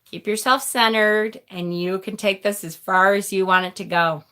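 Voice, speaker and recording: A woman's voice: medium pitch, fairly even intonation, normal speed, bright, forceful tone, clear, resonant tone. A woman from Rochester, New York, giving casual live tarot readings, chatty and affectionate as she answers viewers' comments. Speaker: tarot reader and channel host.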